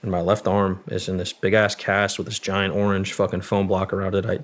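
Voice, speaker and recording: A man's voice: deep voice, monotone, brisk. A young man, a military veteran and podcast guest, telling a story in a loose, profane way, full of "like" fillers. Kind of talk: casual storytelling.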